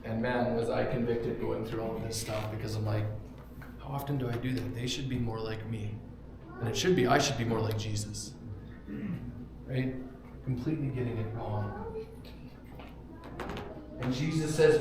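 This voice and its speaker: A male pastor preaching a casual, joking sermon in a church, with props and sudden bursts of loud emphasis. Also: sits high, animated, fairly quick. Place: church sanctuary. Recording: very echoey room, faint background hum.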